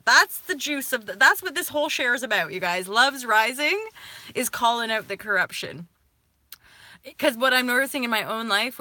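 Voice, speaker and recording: Woman vlogger, bright voice, dry close sound, emphatic, profane, casual monologue. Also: a little high, no room sound. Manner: emphatic, profane, swings between soft and fired-up. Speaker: spiritual lifestyle vlogger.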